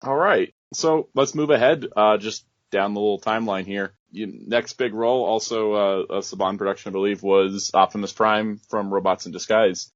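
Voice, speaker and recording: A man interviewing a guest, asking measured, slightly halting questions. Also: on the low side, steady tone, no echo. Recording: dull dry lo-fi audio.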